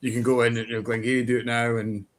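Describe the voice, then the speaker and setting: Man, podcast host, relaxed conversational tone, mid-range pitch, light teasing. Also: fast. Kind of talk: casual podcast chat.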